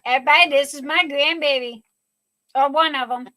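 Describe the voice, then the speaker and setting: A woman's voice: sits high, steady tone, sharp tone, poor audio. An older woman hosting a live stream, chatting casually and gushing emotionally. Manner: gushing, emotional, drawn-out speech.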